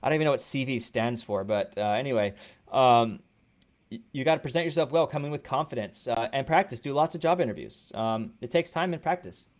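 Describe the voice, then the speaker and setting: A man with an ordinary mid-range voice hosts a livestream Q&A from a small studio room. He reads viewer questions and answers them in a relaxed, conversational way. His answers are blunt and full of fillers. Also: mid-range voice, a little fast. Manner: loose and conversational, with frequent fillers and blunt advice. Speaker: host of a coding livestream. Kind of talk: casual livestream Q&A, reading chat questions.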